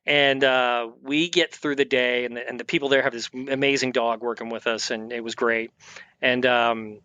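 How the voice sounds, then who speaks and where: A man's voice: mid-range voice, sharp tone, no echo, muffled recording. A man guest on a podcast, casually telling a rambling story full of restarts and acted-out quotes. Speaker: guest, firearms expert and veteran.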